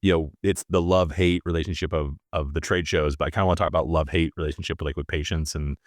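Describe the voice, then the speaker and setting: A man's voice: extremely low pitch, steady tone, fast talker, no echo, studio quality. A man hosting a casual podcast chat, thoughtfully asking his guests open questions. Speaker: podcast host.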